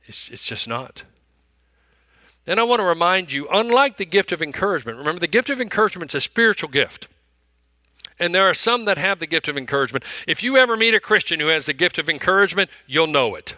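A male pastor preaching a sermon, repeating phrases for emphasis and swinging between loud, emphatic lines and hushed ones. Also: a little high, expressive, moderate pace, dry recording.

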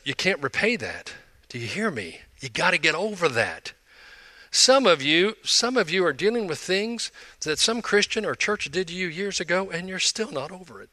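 An older male pastor in his sixties preaching with an emphatic, conversational delivery. His voice sits a little high and sounds strikingly bright and forceful, and the recording is close and dry. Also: dry recording. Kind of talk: sermon.

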